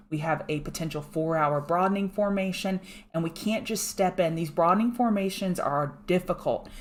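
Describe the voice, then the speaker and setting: A woman giving fast, chatty live chart commentary from home and thanking viewers by name. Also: low voice. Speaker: market analyst host. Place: home room.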